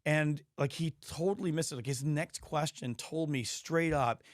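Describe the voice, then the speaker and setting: A man hosting a podcast interview, hoarse, talking emphatically and telling stories with frequent restarts. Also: on the high side, moderate pace, dry recording, clean studio sound. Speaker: podcast host. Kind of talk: casual interview chat.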